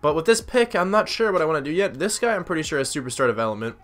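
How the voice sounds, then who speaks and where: Young man, rapid chatty game commentary, bright forward tone, rambling fillers. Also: fairly high pitch, sing-song. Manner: chatty, thinks aloud, lots of "like" and "uh". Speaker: gaming YouTuber. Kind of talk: casual gameplay commentary.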